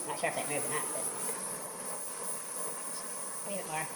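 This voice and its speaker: A man's voice: a little high, brisk, heavy background noise. A man joking to himself while giving casual commentary on restoring a car in his home garage.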